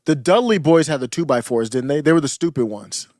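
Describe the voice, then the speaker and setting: A man's voice: a little high, animated, brisk, a little mellow, no echo. Nostalgic man chatting, dry sound. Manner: rambling, nostalgic, trails off and restarts. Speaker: podcast co-host. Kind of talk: casual chat.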